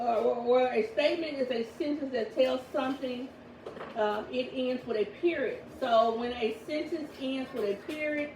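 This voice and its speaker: A homeschooling mother teaches her children at the home table, firm and high-voiced, reading sentences aloud slowly and deliberately. The room echoes, the mic is far off, and there's background noise.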